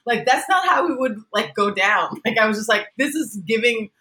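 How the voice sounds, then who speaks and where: Bright-voiced woman co-host. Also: a little high, very animated, fairly quick. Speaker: podcast co-host. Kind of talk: casual chat.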